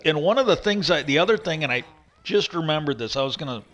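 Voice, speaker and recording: A man's voice: a little high, expressive, fast talker, fairly bright tone, slight background noise. Rambling, cursing middle-aged man. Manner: rambling, swears freely. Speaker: livestream host. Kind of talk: casual livestream chat.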